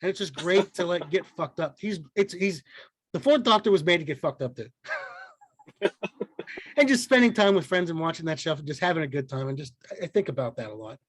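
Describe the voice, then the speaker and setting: A man's voice: fairly high pitch, expressive, a little fast, slight background noise. A man co-hosting a casual podcast, rambling and swearing with lots of restarts and fillers. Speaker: podcast co-host.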